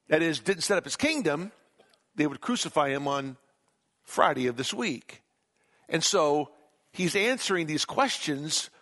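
A man with a somewhat higher voice preaches to his congregation. He reads scripture aloud and leans hard on key words, slowing down to stress them. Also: a bit bright. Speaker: pastor. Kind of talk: sermon.

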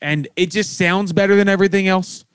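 A man's voice: sits high, steady tone, a little fast, a bit bright, smooth, no echo. A man hosting a podcast in casual chat, swearing freely and mocking himself with frequent laughs. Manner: profane, self-mocking, laughs often. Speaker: podcast host.

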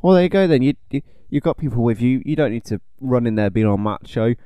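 A man's voice: medium pitch, fast, clean tone, dry recording, dull audio. A man co-hosting a podcast, speaking wryly in casual chat with many fillers. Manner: wry, deadpan, with filler likes. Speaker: podcast co-host.

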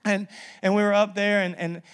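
A man's voice: high voice, level tone, normal speed, a bit bright, clean tone. A young man, a pastor, preaching a sermon and telling a personal story with lots of energy, often restarting his sentences.

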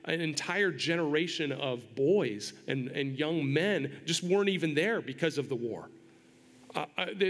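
A man preaching a sermon in an earnest, halting way, often repeating words as he goes. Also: a little high, a bit bright, in a large hall. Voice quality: bald. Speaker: pastor.

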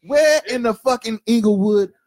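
A man's voice: very high voice, normal speed, darkish tone. A man co-hosting a comedy podcast, cutting in with incredulous, profane remarks. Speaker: podcast co-host. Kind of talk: casual comedic banter.

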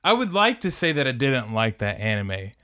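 A man's voice: medium pitch, big pitch swings, normal speed, pushed and bright, smooth. A young man co-hosting an anime podcast, talking in an earnest, enthusiastic casual chat. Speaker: podcast co-host.

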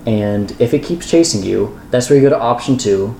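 A young man co-hosts a casual podcast and rambles through a story, tripping over his own words and laughing at himself. His voice is dark and mellow. The recording is roomy, with a faint ambient hiss underneath. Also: mid-range voice, expressive, fairly quick, vocal fry. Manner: rambling, self-mocking, repeats words while telling a story. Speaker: podcast co-host.

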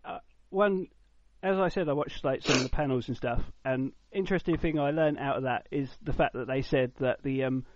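A man in casual podcast chat, speaking in a wry, measured way and choosing his words with care. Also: mid-range voice. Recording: dull lo-fi dry sound.

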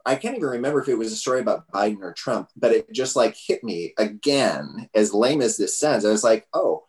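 A man's voice: fairly low pitch, expressive, brisk, darkish tone. A man hosting a podcast, talking casually and rambling with lots of fillers. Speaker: podcast host. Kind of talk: casual chat.

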